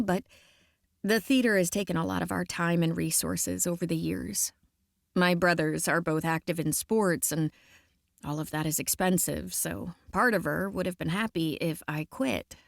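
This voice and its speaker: A woman's voice: on the low side, moderate pace, creaky, no room sound. Give me a woman narrating a first-person audiobook, conversational, with a dry studio sound.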